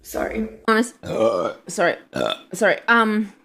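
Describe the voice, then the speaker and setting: A woman's voice: fairly high pitch, steady tone, unhurried, fairly bright tone. A young woman streaming casually to her chat, talking loosely and apologizing over and over. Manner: chatty, keeps apologizing.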